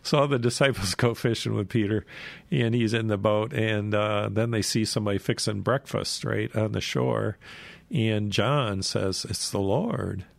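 A man's voice: on the low side, steady tone, moderate pace, gravelly, no room sound. A man casually retelling Bible stories in a rambling way, full of fillers and asides.

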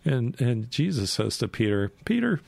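A man with a low, gravelly voice retells Bible stories in a loose, rambling way. He leans on fillers and restarts, and the sound is close and dry. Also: measured pace, dry recording. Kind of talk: casual Bible storytelling.

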